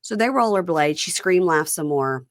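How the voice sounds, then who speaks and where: Woman host, lively recap voice, dry close sound, acts out the quotes. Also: on the low side, moderate pace, no room sound. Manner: retells scenes with quoted voices and wry asides. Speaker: podcast host. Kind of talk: casual recap chat acting out reality-show dialogue.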